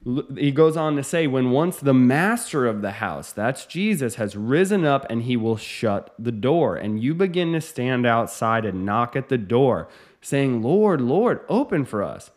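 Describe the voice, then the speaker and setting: An earnest male preacher whose voice rises and falls with lively, animated pitch. He rushes through asides, then slows down to stress key lines. His voice sits in a middle register. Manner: earnest, emphatic, shifts between fast asides and slow stressed lines. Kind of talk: sermon teaching.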